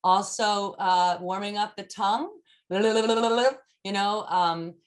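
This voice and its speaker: A woman's voice: medium pitch, steady tone, slow pace. A woman voice and text coach talking casually in an online chat, with frequent fillers as she demonstrates speaking tips. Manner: chatty, many fillers, demonstrates lines.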